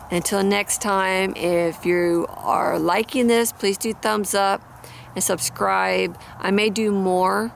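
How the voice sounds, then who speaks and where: A woman's voice: mid-range voice, vocal fry, a little hiss or hum. A woman vlogging outdoors with a handheld mic, chatting earnestly and praying aloud for her viewers. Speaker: Christian ministry vlogger. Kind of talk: casual prayer and encouragement talk. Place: outdoors near animals and hay. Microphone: handheld microphone.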